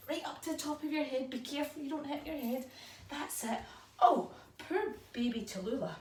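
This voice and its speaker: A woman leading a children's yoga story lesson in an animated, encouraging, sing-song way. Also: on the high side, normal speed. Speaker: kids yoga teacher. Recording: echoey room, mic far off, faint noise.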